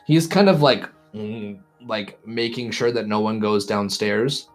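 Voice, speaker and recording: A man's voice: on the low side, unhurried, soft background music. A man narrating a tabletop role-play as game master, describing scenes with restarts and self-deprecating asides.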